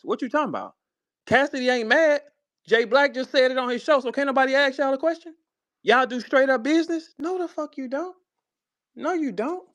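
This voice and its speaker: Brash, high-pitched man, heated and profane. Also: fairly bright tone, no echo. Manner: profane, confrontational, laughing taunts. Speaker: host. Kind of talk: heated live audio chat. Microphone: online audio room.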